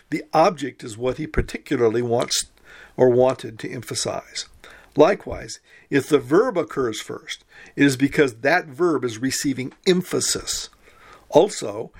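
Man patiently teaching Greek grammar. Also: a little high. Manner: patient, methodical explaining, slow careful reading of Greek words; occasional restarts and self-corrections. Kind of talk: recorded lecture.

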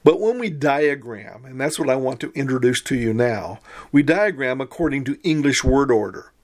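A man teaching a Greek grammar lesson as a recorded lecture, explaining methodically, reading example words slowly and sometimes correcting himself. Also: medium pitch, animated. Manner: occasional restarts and self-corrections.

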